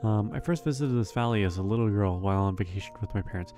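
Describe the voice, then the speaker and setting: A man voicing a young woman artist from a farming game, speaking softly and earnestly. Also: lowish voice, fast, soft background music, lightly acted. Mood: wistful.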